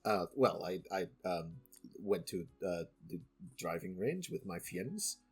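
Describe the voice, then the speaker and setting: A braggart of a dad, loud and halting in his broken English, fills the table scene of a tabletop game, as a man puts him on. His voice comes out husky over faint background music. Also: low voice, big pitch swings, full character voice. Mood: boastful. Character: boastful lazy older father, broken English.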